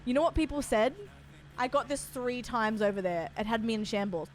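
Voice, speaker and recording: A woman from Australia with a soft Australian accent, chatting casually with her viewers while streaming a game. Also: on the high side, lively intonation, a little fast, soft background music. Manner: chatty storyteller, talks to her chat by name. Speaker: livestreamer.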